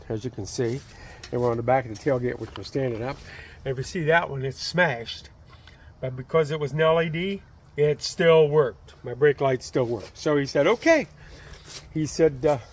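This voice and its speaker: A man's voice: a little high, a little mellow. A man telling a story in a casual way, rambling with many fillers and restarts, beside his trailer outdoors. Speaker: channel host telling a story.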